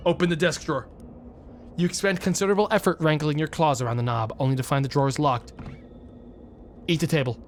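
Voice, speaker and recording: A man streaming a video game, reading the game text aloud with deadpan, jokey asides. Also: fairly high pitch, fast, long pauses, faint music behind. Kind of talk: casual let's play commentary.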